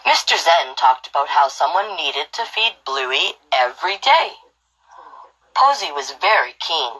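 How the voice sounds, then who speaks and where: A woman's voice: deep voice, big pitch swings, unhurried, noisy background. A woman hosting a storytime, reading a picture book aloud and adding chatty, friendly asides. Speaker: storytime host.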